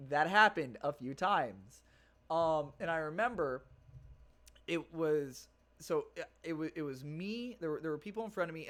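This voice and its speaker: A man's voice: fairly high pitch, a bit bright. A young man hosting his own podcast, chatting casually and rambling, swearing freely with plenty of fillers and restarts. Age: young adult. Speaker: podcast host. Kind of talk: casual solo podcast chat.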